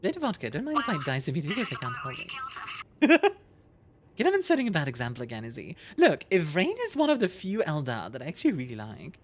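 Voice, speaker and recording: A woman streaming a game, talking casually and in an animated way, getting worked up and laughing often. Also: low-pitched, fast.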